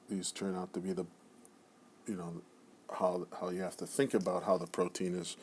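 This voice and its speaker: A man giving a casual recorded lecture, talking in a relaxed, chatty way with frequent self-corrections and asides. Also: low-pitched.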